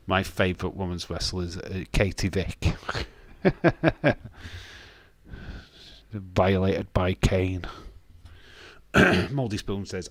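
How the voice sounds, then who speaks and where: A low-voiced man speaks in an animated way but at a slow pace, pausing often, with no echo. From Castleford in Yorkshire, England, he hosts a live stream in his Yorkshire accent, talking casually and bluntly, swearing freely and restarting sentences. He's chatting through a watch-along and reading viewer comments.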